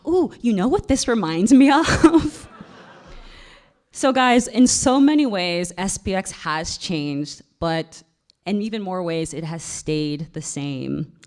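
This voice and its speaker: A woman's voice: fairly low pitch, expressive, slow, darkish tone. A woman giving a keynote on stage and presenting an award, laughing and stumbling over names. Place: stage at a live event.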